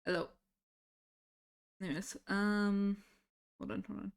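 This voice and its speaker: A woman's voice: medium pitch, little pitch movement, slow, creaky. A woman streaming live from home, chatting casually with her viewers, easily sidetracked and swearing now and then. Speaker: livestreamer.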